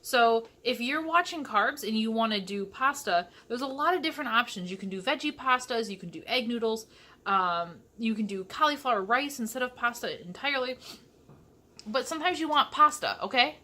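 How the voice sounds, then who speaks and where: Bright, chatty young woman vlogger. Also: on the high side, expressive, moderate pace. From Michigan. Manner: chatty, sassy asides. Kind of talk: casual cooking vlog. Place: home kitchen.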